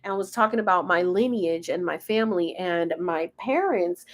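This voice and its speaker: A woman's voice: fairly low pitch, expressive, normal speed. A woman hosting a casual spiritual livestream, chatting and rambling, often losing her thread.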